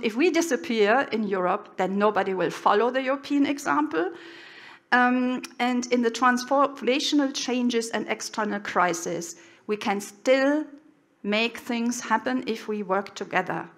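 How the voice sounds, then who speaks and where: Earnest middle-aged woman giving a conference talk. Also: on the high side. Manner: earnest, measured, nonnative phrasing. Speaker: conference speaker. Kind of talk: expert presentation.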